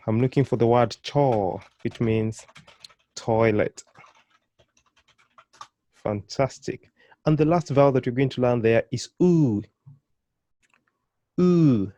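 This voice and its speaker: A man whose first language is Swahili, teaching a beginners' language lesson. He speaks slowly over the example sounds and keeps inviting the learner to repeat and praising them. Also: mid-range voice, warm tone, dull audio. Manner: encouraging, prompts learners to repeat, praises often; slow, carefully stretched model pronunciations.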